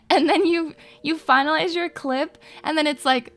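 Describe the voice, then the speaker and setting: A woman's voice: high voice, fairly even intonation, normal speed, a bit bright. A young woman streaming live, chatting in a hyper, rambling and crude way with her viewers. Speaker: VTuber streamer. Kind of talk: casual live-stream chat.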